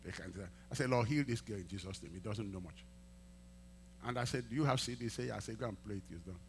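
A male pastor preaching a sermon, telling a testimony and acting out the dialogue, swinging from quiet asides to loud emphatic peaks. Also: fairly low pitch, fast talker, a little hiss or hum. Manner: acts out quoted dialogue in storytelling.

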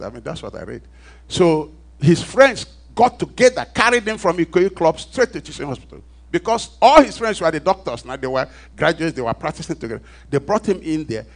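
Nigerian preacher, hushed to booming. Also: male voice. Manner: swings from hushed asides to loud emphatic calls; asks the congregation for responses. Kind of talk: storytelling sermon.

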